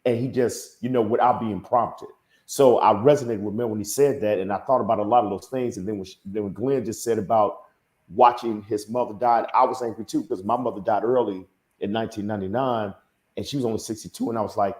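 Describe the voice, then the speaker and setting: A man's voice: fairly low pitch, darkish tone, reverberant. A middle-aged man speaking earnestly and with feeling in a casual group conversation, often repeating himself as he searches for words. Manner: earnest, heartfelt, halting repetitions. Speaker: panel guest. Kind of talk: emotional personal storytelling.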